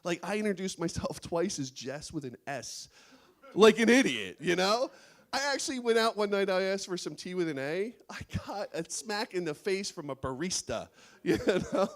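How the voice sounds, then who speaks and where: A man's voice: high voice, expressive, moderate pace. A man doing a stand-up comedy set on a small studio stage before a live audience, laughing at his own jokes.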